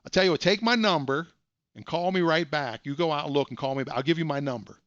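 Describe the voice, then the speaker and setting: A man's voice: fairly high pitch, fast talker, fairly bright tone, dry recording, dull audio, lightly acted. A man voicing a young prank caller who poses as a fussy car buyer asking picky questions. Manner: fussy, questioning, mock-serious.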